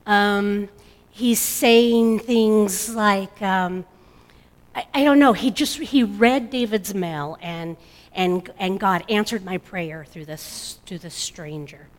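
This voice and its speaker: A middle-aged mother giving an emotional personal testimony, halting and restarting often. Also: medium pitch. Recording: long hall reverb.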